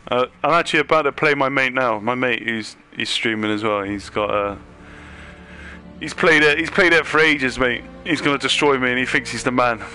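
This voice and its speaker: A young British man streaming a racing game, chatting casually and excitedly and swearing freely. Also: medium pitch, normal speed, clear, resonant tone, soft background music. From United Kingdom. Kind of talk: casual gameplay chat.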